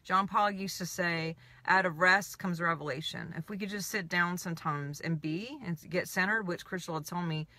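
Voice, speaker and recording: A woman's voice: lowish voice, normal speed, hardly any pauses, dry recording. A woman telling a personal story in a casual, rambling monologue, full of "I'm like" asides. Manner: rambling, animated retelling with many "I'm like" asides. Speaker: spiritual coach.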